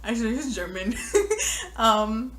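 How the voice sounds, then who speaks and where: A young woman from the United States telling a story to the camera in a chatty way, heavy on fillers, now and then dropping into hushed asides. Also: fairly high pitch, moderate pace, slight background noise. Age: young adult. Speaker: vlogger. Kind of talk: casual storytime.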